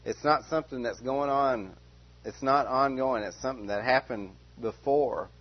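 A man preaching a verse-by-verse sermon, repeating key phrases slowly and with emphasis. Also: mid-range voice, dull audio. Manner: emphatic repetition, slow stressed phrases. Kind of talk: expository sermon.

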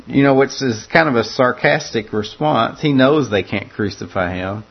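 A man's voice: medium pitch, moderate pace, gravelly, few pauses, slightly rough, highs cut off. A man preaching a conversational sermon that walks through a scripture passage, often repeating words as he restarts his phrases.

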